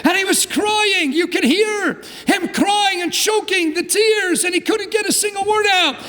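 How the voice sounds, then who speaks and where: Rabbi preaching, very high voice, fervent and swinging between hush and outcry, hall reverb. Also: male voice, unhurried. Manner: impassioned, swings from low hush to fervent crying-out. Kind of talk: sermon.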